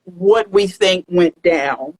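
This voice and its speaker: A woman's voice: on the low side, takes it slowly, a little mellow, poor audio. A woman hosting a pop culture podcast, sassy and slangy in casual chat. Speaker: podcast host.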